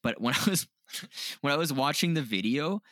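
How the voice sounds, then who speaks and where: A man's voice: a little high, animated, normal speed, fairly bright tone, no echo, studio quality. A man co-hosting a casual podcast chat, loose and profane, laughing often. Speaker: podcast co-host.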